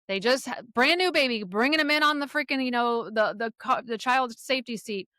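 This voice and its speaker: A middle-aged woman guesting on a podcast as a coparenting expert, telling stories in a blunt, animated way with frequent swearing. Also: on the high side, brisk, no echo, clean studio sound. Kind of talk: podcast conversation.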